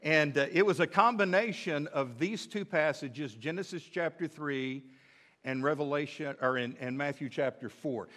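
Conversational pastor preaching. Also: male voice, fairly high pitch, normal speed, a bit bright. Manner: conversational, joking asides, frequent "uh" and "right?". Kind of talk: sermon. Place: church sanctuary.

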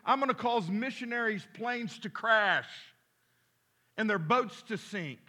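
A pastor voicing an eager, boastful male demon announcing his schemes in a loud, raised voice. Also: high voice, animated, unhurried, pitched above the performer's own voice, heavily acted.

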